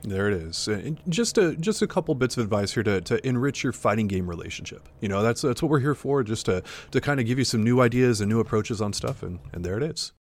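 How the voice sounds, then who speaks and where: A man's voice: mid-range voice, lively intonation, quick pace, few pauses. A man co-hosting a casual gaming podcast, loose and chatty, with lots of fillers. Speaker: podcast co-host.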